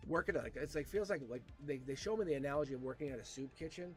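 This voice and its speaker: A man giving a casual live tarot reading, animated and repeating himself with frequent restarts. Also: a little high, quick pace, faint music behind. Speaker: tarot reader.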